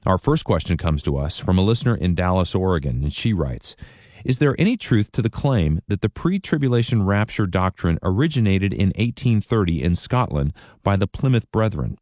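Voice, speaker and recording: A man's voice: low voice, sing-song, moderate pace, darkish tone, no room sound, studio quality. A man reading the program introduction and a listener's question as a radio announcer.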